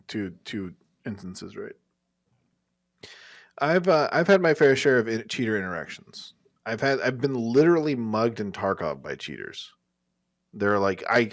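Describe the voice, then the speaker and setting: A man's voice: on the low side, no room sound, clean studio sound. Rambling, cursing man on a gaming podcast. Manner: rambling, profane, candid. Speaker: podcast co-host. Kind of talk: casual chat.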